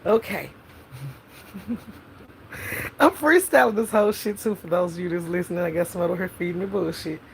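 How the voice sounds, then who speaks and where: A woman's voice: on the low side, brisk, gravelly, pauses often, slight background noise, low-quality recording. Sassy, profane woman storyteller. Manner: profane, sassy, laughs often. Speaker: podcast host telling a story in character. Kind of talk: freestyled comic storytelling.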